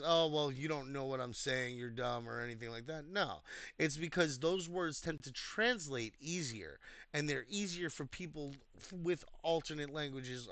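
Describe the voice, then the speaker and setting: Young American man, casual rambling advice, restarts and fillers, bright forceful tone. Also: medium pitch, no room sound. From United States. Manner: earnest, explanatory. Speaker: community host reviewing threads.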